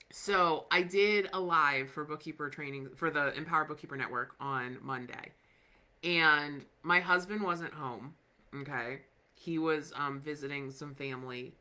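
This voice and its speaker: A woman's voice: on the low side, pushed and bright. A woman in her thirties hosting a podcast, talking casually and candidly with lots of fillers, encouraging her listeners. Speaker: podcast host.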